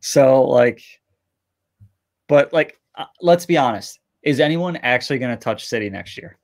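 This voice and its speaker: A young man co-hosts a relaxed soccer talk show with an easygoing manner. His voice sits in an ordinary middle pitch. He mostly chimes in with short agreeing remarks. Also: measured pace, creaky. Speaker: co-host. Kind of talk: casual soccer chat.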